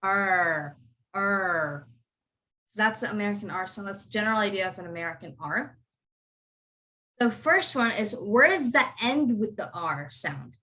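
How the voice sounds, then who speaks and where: A woman's voice: medium pitch, animated, moderate pace, pushed and bright. A young woman teaching pronunciation to children over a video call, patiently explaining and repeating model words. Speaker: accent tutor. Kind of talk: online pronunciation lesson for kids.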